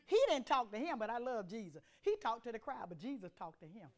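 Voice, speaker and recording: A woman with a high voice preaches to a church congregation. Her pitch leaps and falls freely as she moves between loud declarations and hushed asides. She calls out to the room and draws answers back. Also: sing-song, a little fast, hardly any pauses. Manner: call-and-response preaching, swings from loud to hushed. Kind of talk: sermon.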